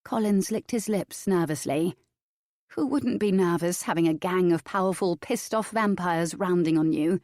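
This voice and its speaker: A woman narrating an audiobook in the first person, with steady, even storytelling. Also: fairly low pitch, moderate pace, no room sound, studio quality.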